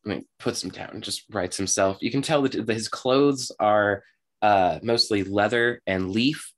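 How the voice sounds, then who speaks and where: A man narrating as game master, relaxed and halting with many fillers. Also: fairly low pitch.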